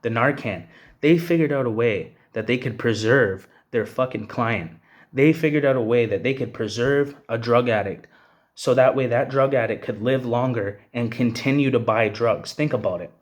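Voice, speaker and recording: A young man from Canada in a heated, profane rant straight to the camera. He talks bluntly and keeps tossing in "bro" and "you know what I'm saying". His voice sits at an ordinary middle pitch. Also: moderate pace. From Hamilton, Ontario, Canada. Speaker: vlogger. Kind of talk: angry personal rant to camera.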